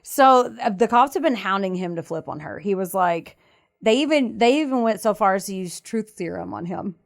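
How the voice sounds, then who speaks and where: A woman co-hosting a podcast, casually retelling a true-crime story with lively acted-out quotes and frequent laughter. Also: mid-range voice, normal speed. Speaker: podcast co-host.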